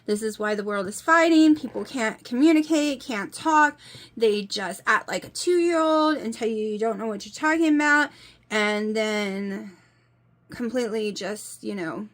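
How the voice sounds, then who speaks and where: A woman in her forties with a twang vents to her viewers in a rambling, emphatic way. Her voice sits fairly high and keeps circling back to what bothers her, with a lot of repetition. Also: animated, a little slow, fairly bright tone. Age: 40s. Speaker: vlogger. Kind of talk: casual talk to camera.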